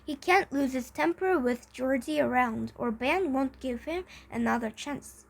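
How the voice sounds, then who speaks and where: A woman's voice: high voice, unhurried, vocal fry, full character voice. A woman reading aloud, voicing an eager, scheming schoolboy skater in a storybook with an upbeat, persuasive manner.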